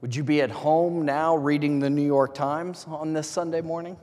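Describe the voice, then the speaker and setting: A man's voice: on the high side, fairly even intonation, moderate pace, a little mellow. A man preaching a sermon as a pastor, talking in a conversational way, asking many questions with light chuckles. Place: church sanctuary. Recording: long reverb of a large hall.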